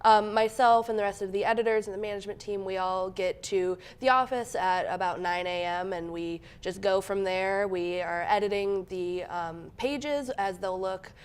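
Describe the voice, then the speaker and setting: Woman in her twenties from Illinois, interview guest, informal, smooth clear voice. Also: medium pitch, moderate pace, hardly any pauses. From Illinois, United States. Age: 20s. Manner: relaxed and informal, frequent ums and likes. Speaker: student newspaper editor, guest. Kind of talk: casual interview.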